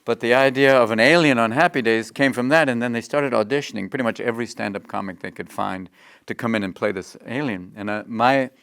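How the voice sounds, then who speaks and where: A middle-aged man being interviewed, telling animated stories and jumping into quick voices. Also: mid-range voice, clear, resonant tone, no room sound, studio quality. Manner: animated, slips into quick character voices mid-story. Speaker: interview guest, comedian. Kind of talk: anecdotal interview storytelling.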